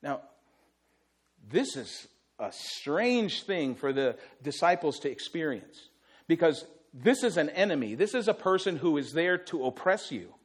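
A man's voice: fairly high pitch, very animated, a little slow, breathy edge. A male pastor preaching a sermon, telling the story vividly and acting out the quotes.

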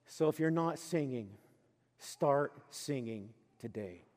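A man preaching a sermon as pastor, earnest and conversational, dropping to soft asides and then rising to loud emphatic lines. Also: medium pitch, animated, slow. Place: church sanctuary. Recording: long reverb of a church hall.

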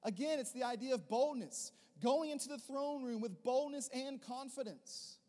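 A man preaching a sermon as a pastor, rising into loud emphatic bursts and then dropping into softer, quieter teaching. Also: very high voice, moderate pace, in a large hall.

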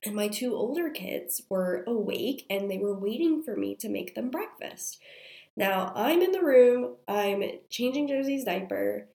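Sick young mom, strained voice. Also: female voice, mid-range voice, animated, unhurried, creaky, a little mellow. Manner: chatty, confiding, many fillers. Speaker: mom vlogger. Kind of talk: casual storytelling to viewers. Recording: roomy echo.

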